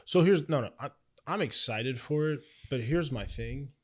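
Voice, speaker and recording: A man's voice: mid-range voice, lively intonation. Man chiming in on a casual podcast. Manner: agreeable, quick to chime in with yeah. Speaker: podcast co-host. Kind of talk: casual chat.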